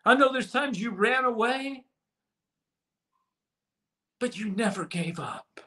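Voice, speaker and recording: A man preaching a sermon with passion, swinging from loud to hushed and repeating words as he restarts phrases. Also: extremely high pitch, expressive, slow. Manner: impassioned preaching with sudden swings from loud to soft. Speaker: pastor.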